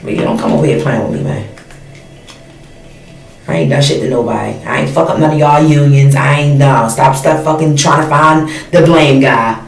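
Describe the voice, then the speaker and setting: A woman's voice: a bass voice, moderate pace, distant mic, faint music behind. A woman talking bluntly and heatedly in a profane, unscripted livestream rant to her viewers. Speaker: spiritual YouTuber. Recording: roomy sound from off-mic.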